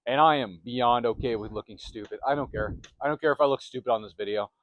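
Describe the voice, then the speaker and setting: A man's voice: mid-range voice, fast, dull audio, slight background noise. A man hosting a self-help channel, giving a motivational talk to camera in emphatic, repetitive, punchy phrases on a close microphone.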